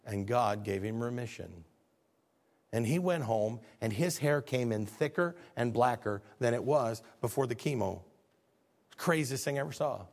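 A man's voice: lowish voice, vocal fry, darkish tone. A male pastor preaching a sermon, telling stories and rising to fervent peaks.

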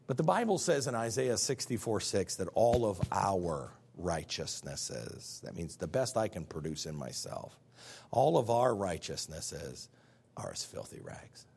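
A man preaching a sermon as pastor, folksy and emphatic, swinging from loud outbursts to hushed tones. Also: lowish voice, sing-song, a little slow, gravelly, husky. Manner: folksy, conversational asides to the congregation.

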